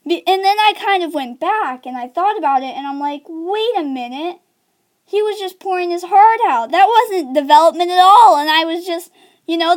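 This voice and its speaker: A young woman giving writing tips in a casual, giggly, rambling chat to camera, full of fillers. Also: high-pitched.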